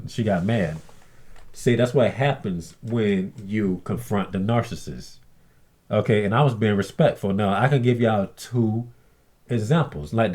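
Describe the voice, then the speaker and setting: Low and dark in tone, this man's voice carries a vlogger's blunt, resentful rant as he tells a story. Profanity comes often, and he acts out what others said by imitating their voices.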